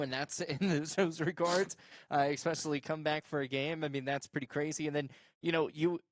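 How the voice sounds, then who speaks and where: A man who hosts a local sports show, calling football highlights and then interviewing a player in a casual, filler-heavy way. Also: no room sound, studio quality. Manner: excited shouting calls over game highlights, then casual questions with fillers. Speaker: sports show host and play-by-play caller. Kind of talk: high school football play-by-play and interview.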